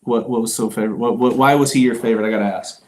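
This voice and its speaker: A man's voice: medium pitch, fairly even intonation, racing. A man in a mid-range voice hosts a casual interview. He throws out short questions and thanks his guest in a friendly way. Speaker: podcast host.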